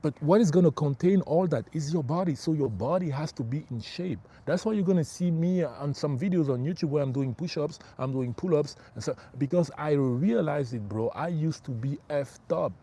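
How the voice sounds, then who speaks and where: A man's voice: on the high side, moderate pace, few pauses, mellow, slightly rough. A middle-aged man working as a spiritual life coach, giving an emphatic motivational livestream talk. He repeats his key phrases and calls his listeners bro.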